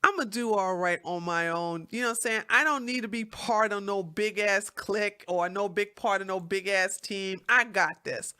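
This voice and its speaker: In a medium-pitched, sharp, clean voice, a woman livestream host delivers a profane, heated rant at normal speed with hardly any pauses. She's blunt, swears heavily, and breaks off to read viewer comments out loud.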